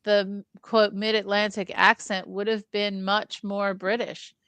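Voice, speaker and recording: A woman co-hosting a casual film podcast chat, playful and quick to toss in movie quotes. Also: medium pitch, level tone, fairly bright tone, clean tone, no room sound.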